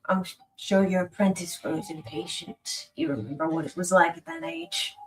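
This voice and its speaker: A man's voice: fairly high pitch, steady tone, moderate pace, a bit bright, natural voice, rough recording. A woman voicing a weary old records keeper. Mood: polite. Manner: polite, then murmuring to himself.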